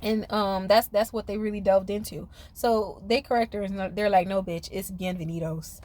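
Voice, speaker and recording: A woman's voice: mid-range voice, steady tone, moderate pace, a little mellow. A woman giving a casual, profane recap of a reality show, laughing often and talking straight to her viewers. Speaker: reality TV commentator.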